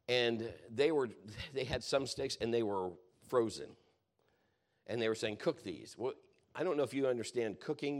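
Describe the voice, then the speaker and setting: A man preaching, telling a personal story in a rambling, conversational way, often correcting himself. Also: mid-range voice. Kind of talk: sermon testimony storytelling.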